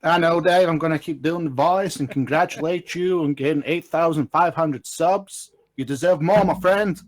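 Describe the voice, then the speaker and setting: A man calling in while putting on the voice of a pompous 1940s male politician, speaking slowly and stately. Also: on the high side, close to an everyday voice, poor audio. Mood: orating. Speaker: caller.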